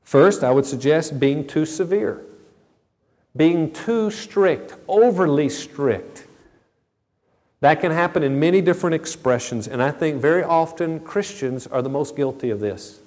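A man's voice: fairly high pitch, normal speed, hardly any pauses, darkish tone. A middle-aged man preaching a sermon as a pastor, earnest and conversational, with storytelling asides. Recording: long reverb of a large hall.

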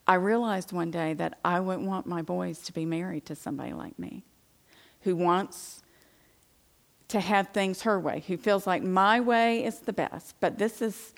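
A woman's voice: on the low side, a little slow, vocal fry. A middle-aged woman giving a Christian testimony talk to women, telling her story with animation and acting out her past indignation. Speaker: Christian speaker addressing women.

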